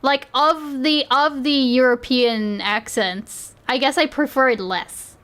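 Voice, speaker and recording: Giggly high-voiced woman streamer. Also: takes it slowly, fairly bright tone. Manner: giggly, rambling, often restarting sentences. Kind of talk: casual reaction stream chat.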